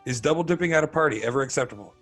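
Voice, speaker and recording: Man, podcast host, quiz game, rapid-fire questions, frequent laughter, a bit high-pitched. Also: fairly bright tone, faint music behind. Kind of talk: casual podcast quiz hosting.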